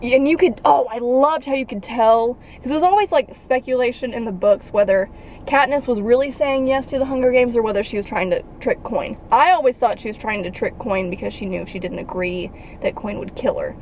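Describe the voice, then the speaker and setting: A young woman chatting excitedly about a film in a parked car. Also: fairly high pitch, brisk, a little hiss or hum, poor audio. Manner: gushing, bursts into loud acted quotes. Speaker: vlogger. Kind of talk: excited casual chat.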